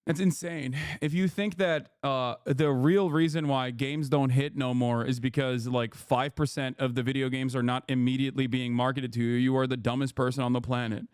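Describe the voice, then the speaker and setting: A man's voice: mid-range voice, steady tone, normal speed, few pauses, darkish tone, clear, resonant tone, dry recording, clean studio sound. A male streamer giving reaction commentary in a blunt, profane and emphatic way, often checking in with "okay?".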